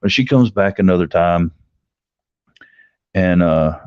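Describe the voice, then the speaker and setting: His voice is clear, resonant, and a little mellow, and he takes it slowly as this middle-aged livestream host casually tells a long, cursing story. He performs the quoted lines in a higher pitch while rambling, captured in a dry, slightly dull lo-fi recording with no echo.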